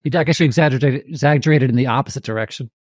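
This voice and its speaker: A man's voice: medium pitch, very fast, dry recording. A man hosting a podcast, chatting casually and joking with his guests. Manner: joking, playful. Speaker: podcast host.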